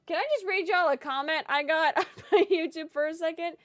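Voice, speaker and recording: A woman's voice: very high voice, a little fast, no room sound, clean studio sound. A woman streamer giving chatty, casual gaming commentary, giggling often and swearing casually.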